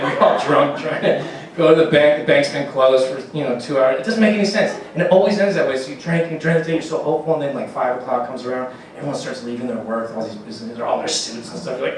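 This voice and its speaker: A man with a slightly high voice performs a rambling, profane stand-up set, laughing at his own jokes as he goes. He sounds set back from the mic, with heavy echo from the room. A faint hum of ambience sits underneath. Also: animated, fast talker, far from the mic. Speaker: stand-up comedian.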